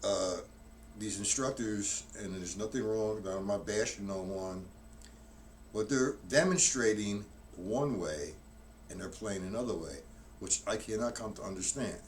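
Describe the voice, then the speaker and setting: Speaking at a measured pace in a lowish voice, a drum teacher streams a live lesson, counting strokes out loud and rambling through technique with frequent restarts. Recorded from a distance in a drum room, the audio has loud drum hits and a little hiss or hum.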